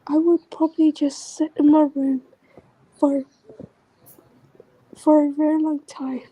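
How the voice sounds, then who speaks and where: A woman vlogger talking in a casual, rambling monologue that often drifts into soft whispers. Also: high-pitched, little pitch movement, slow pace, rough recording.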